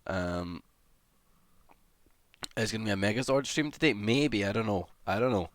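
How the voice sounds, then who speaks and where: A man's voice: lowish voice, expressive, moderate pace, dry recording. Chatty man greeting stream viewers. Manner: chatty, swears casually, greets viewers one by one. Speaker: livestreamer. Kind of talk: casual livestream chat, greeting viewers.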